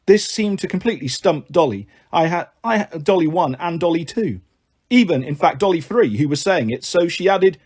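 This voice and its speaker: A man reading a children's book aloud, narrating and voicing many characters with lively expression. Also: on the high side, normal speed, breathy edge. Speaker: storyteller.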